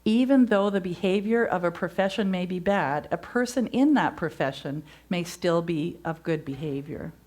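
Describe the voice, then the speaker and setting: Woman, low-pitched voice, gentle, reflective, spiritual talk, storytelling minister. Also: animated, normal speed, hardly any pauses.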